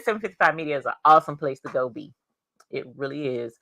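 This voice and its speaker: A chatty woman hosts a craft livestream from home. She greets viewers and reads their comments aloud, with an animated, laughing delivery. Her voice is bright and forceful, and it sounds dry and close. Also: lowish voice, fairly quick, no echo. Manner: animated, with bursts of laughter and cheering. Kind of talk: casual livestream chat.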